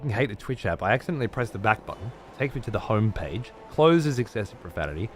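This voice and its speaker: A man's voice: lowish voice, expressive, quick pace. Guy streamer just chatting w chat, swears a ton, blunt, rambly, some faint music behind. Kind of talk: casual chat with a live stream audience.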